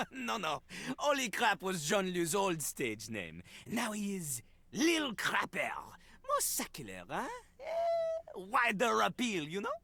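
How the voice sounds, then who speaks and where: A man's voice: high voice, wildly swooping pitch, slow pace, gravelly, bright, forceful tone, exaggerated voice. An actor voicing a cocky male toilet-man rapper in a video game, with a French accent, bragging in rhyme over a hip hop beat. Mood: smug. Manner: brags in rhyme, sing-song rapping. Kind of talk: video game character acting.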